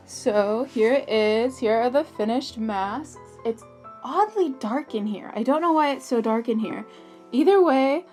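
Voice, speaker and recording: A chatty woman with a high voice talks through her craft project, often excited and talking to herself. Her voice sits high, and faint music plays in the background. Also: a little slow, far from the mic. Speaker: crafter showing a handmade mask. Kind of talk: casual craft vlog.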